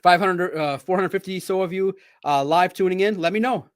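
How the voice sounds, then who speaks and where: A man with a somewhat high voice hosts a live sports talk stream. He speaks in an animated, playful way, addressing his viewers directly as he goes. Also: a little fast.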